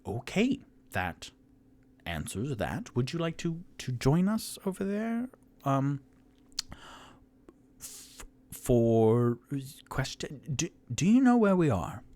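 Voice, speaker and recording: A man's voice: medium pitch, big pitch swings, slow pace, long pauses, mellow, voice pushed up. A man voicing a nervous, polite adventurer who stammers as he asks questions, in a solo tabletop game. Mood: eager.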